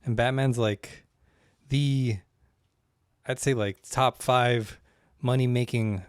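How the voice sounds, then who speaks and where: A man's voice: medium pitch, clear, resonant tone, no echo, studio quality. A man co-hosting a movie podcast in casual chat, laid-back and offhand, with a lot of filler words. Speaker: podcast co-host.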